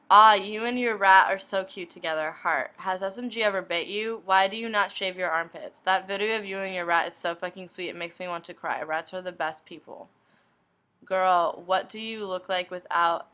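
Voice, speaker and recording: A young woman vlogger flatly reading fan messages from her inbox aloud, one after another. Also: lowish voice, clear, resonant tone, low-quality recording. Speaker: video blogger reading fan questions.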